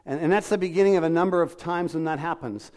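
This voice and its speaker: Conversational male preacher, slightly high voice. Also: quick pace, darkish tone. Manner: conversational, acts out quoted lines, asks the congregation questions. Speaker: pastor. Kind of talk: sermon.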